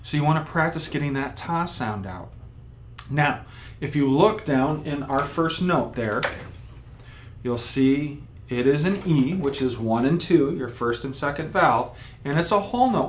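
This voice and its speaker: A man's voice: fairly high pitch, animated, unhurried, slight background noise. A man teaching a beginner trumpet lesson, explaining patiently step by step and sounding out rhythms as he goes. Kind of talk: instructional video lesson.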